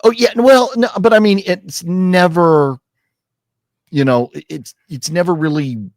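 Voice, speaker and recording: A man co-hosting a casual film review chat, rambling with restarts and sudden lively jumps. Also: sits high, unhurried, dry recording, studio quality. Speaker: podcast co-host.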